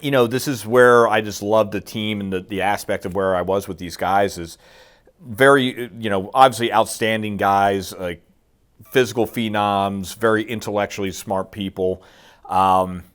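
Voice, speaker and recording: A man's voice: on the low side, fairly even intonation, normal speed, a bit bright, smooth. A middle-aged man telling a war story in a casual interview, acting out quotes and swearing freely. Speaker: guest, military veteran.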